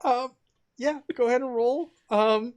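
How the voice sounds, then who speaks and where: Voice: medium pitch, a little slow. Laughing game master narrating.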